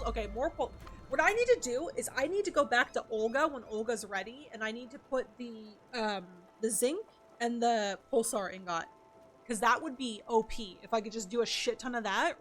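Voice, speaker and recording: A young woman livestreaming a game, excitable and foul-mouthed as she chats with her viewers. Her voice is high and bright, with a quick, bouncy delivery. She keeps the talk loose and casual. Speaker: streamer.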